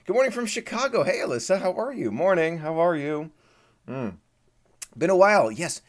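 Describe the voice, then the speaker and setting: A man's voice: on the high side, very animated, moderate pace. A man hosting a live Q&A stream, greeting viewers by name in a friendly, chatty way. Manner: friendly, reads out viewer names and countdowns, gets choked up at times. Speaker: Disney vlogger hosting a live Q&A.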